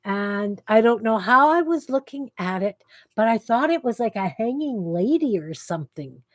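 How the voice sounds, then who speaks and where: A woman's voice: a little high, lively intonation, moderate pace, no room sound. A middle-aged woman hosting a crafting livestream from her basement, chatting casually with viewers and muttering to herself as she works. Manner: chatty, self-talk while working, mutters to herself. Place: home basement craft room.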